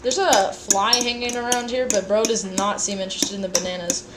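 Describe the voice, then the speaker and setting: A tired young woman livestreams her cooking from a home kitchen, rambling playfully to her chat with the odd sing-song aside. Her mid-range voice is brisk with fairly even intonation. It's a very noisy recording, full of clear kitchen clatter.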